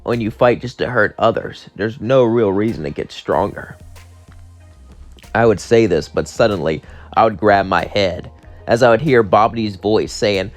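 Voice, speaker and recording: A man's voice: on the low side, moderate pace, soft background music. A man casually narrating a fan story in a plain, rambling way.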